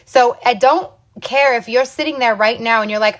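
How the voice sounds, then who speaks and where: A woman's voice: on the high side, moderate pace. Emphatic woman telling her own story. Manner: emphatic, repeats "okay?" and "you guys". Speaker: business owner sharing her story. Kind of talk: casual motivational talk to camera.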